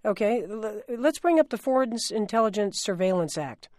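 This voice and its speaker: A woman's voice: medium pitch, lively intonation, normal speed, darkish tone, no echo. A woman hosting a radio interview, asking probing questions and often repeating words as she phrases them. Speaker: radio host. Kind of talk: broadcast interview.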